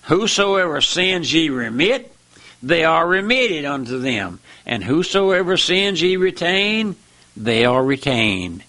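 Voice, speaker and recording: A preacher man delivers a fiery sermon, his pitch leaping all over. He speaks slowly and deliberately in a bright, ringing voice. He swings between hushed murmurs and high, emotional cries. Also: big pitch swings. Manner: repeats "my friend" and "listen".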